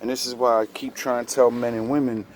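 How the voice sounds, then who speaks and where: A man's voice: medium pitch, little pitch movement, brisk, a little hiss or hum. Rambling, profane man telling a story. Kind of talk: casual chat.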